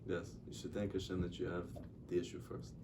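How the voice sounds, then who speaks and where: A rabbi teaching a class speaks in a low, level voice at a brisk pace, picked up by a distant mic with faint noise. His informal religious lecture is conversational, and he acts out stories with dialogue.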